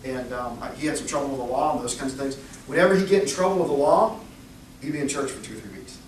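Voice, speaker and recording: A young adult man preaching a sermon, telling Bible stories in a lively way and acting out the people he quotes. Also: mid-range voice, quick pace, a little hiss or hum. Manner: animated storytelling, acts out quoted voices. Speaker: pastor. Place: church sanctuary. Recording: echoey church recorded from far off.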